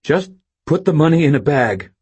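A man voicing a nervous sixteen-year-old boy who shouts threats with forced toughness, his voice cracking. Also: fairly high pitch, sing-song, moderate pace, slightly rough, voice pushed up, exaggerated voice. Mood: nervous bravado.

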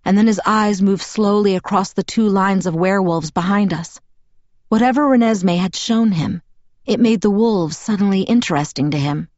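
A woman reading a novel aloud in first person as an audiobook narrator, in a measured, even storytelling manner. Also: mid-range voice, no room sound, muffled recording.

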